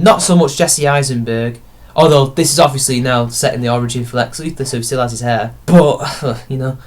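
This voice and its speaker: A young man giving a casual, rambling film review, opinionated and often correcting himself mid-sentence. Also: mid-range voice.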